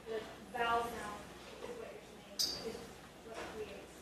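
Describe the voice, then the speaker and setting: A woman's voice: a little high, flat delivery, a little slow. A woman attending a teacher workshop, asking hesitant questions from the audience. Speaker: workshop participant. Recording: echoey room, distant mic, noisy.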